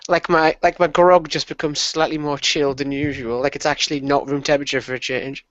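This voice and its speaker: A man's voice: fairly high pitch, little pitch movement, a little fast, a bit bright. A man playing his character in a tabletop game, declaiming in a pious, grand way. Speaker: player. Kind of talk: in-character tabletop role-play. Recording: dry, dull lo-fi recording.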